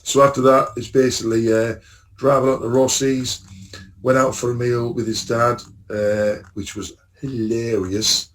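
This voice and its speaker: A man's voice: medium pitch, little pitch movement, a little slow, fairly bright tone, distant mic, slight background noise. A man telling rambling travel stories in casual podcast chat, laughing at his own jokes. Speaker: podcast co-host.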